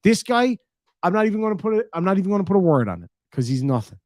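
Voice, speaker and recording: An Irish man hosting a livestream, reading out super chats in casual chat, swearing freely and thanking donors warmly. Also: sits high, sing-song, very fast, no echo, studio quality.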